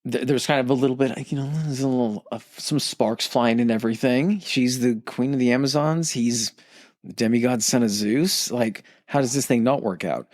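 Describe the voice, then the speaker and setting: A man's voice: medium pitch, a little mellow, no echo, studio quality. Profane, jokey man retelling myths. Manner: profane, jokey retelling with quick character voices. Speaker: podcast co-host. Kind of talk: casual storytelling chat.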